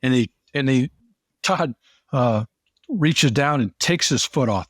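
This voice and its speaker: A man's voice: medium pitch, expressive, slow, dry recording. Man telling stories, dry close sound. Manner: rambling anecdotal, many restarts. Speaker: podcast guest, former police pilot. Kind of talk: casual storytelling.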